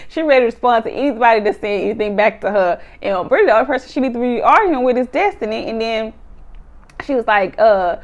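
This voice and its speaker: A woman, recapping a reality show in casual chat, animated, laughing often and acting out cast members' lines. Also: mid-range voice, fast, lo-fi sound.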